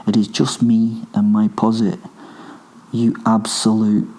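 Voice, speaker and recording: A man narrating a first-person horror story in a menacing, profane, deliberate way. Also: fairly low pitch, dark tone, rough recording.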